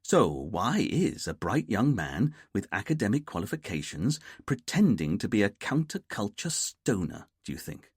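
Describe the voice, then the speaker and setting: A man's voice: fairly low pitch, big pitch swings, moderate pace, few pauses, slightly rough, dry recording, studio quality, heavily acted. A man doing a fussy inspector. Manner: formal, precise, easily irked. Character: stiff, fussy English detective inspector.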